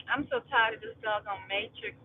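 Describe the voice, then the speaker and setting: A woman chatting casually to her viewers while driving home, rambling and calling them y'all. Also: fairly high pitch. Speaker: vlogger live-streaming while driving. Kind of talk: casual live-stream chat. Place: inside a car. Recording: tinny phone-like audio with car noise.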